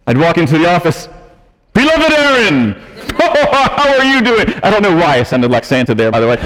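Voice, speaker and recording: A man's voice: fairly high pitch, in a large hall, low-quality recording. A man preaching as a pastor, earnest and conversational, shifting his emphasis as he explains the text. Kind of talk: sermon. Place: church sanctuary.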